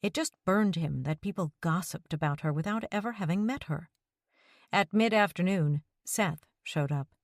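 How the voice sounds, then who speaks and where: A woman narrates a romance audiobook in an even, measured way. Her voice sits low, and the recording is dry and close. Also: dry recording. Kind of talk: scripted narration.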